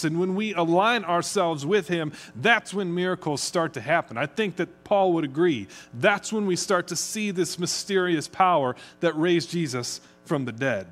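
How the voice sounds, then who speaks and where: A middle-aged man from the United States, preaching a conversational sermon as pastor. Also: fairly high pitch. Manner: conversational, chatty, speeds up when excited.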